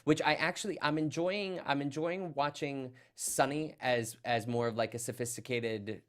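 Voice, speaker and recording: A man chatting casually as co-host of a recap podcast, voice sitting in a middle pitch. He talks his way through scenes, slipping into the characters' lines as he retells them. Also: steady tone, normal speed, a bit bright. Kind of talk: casual chat.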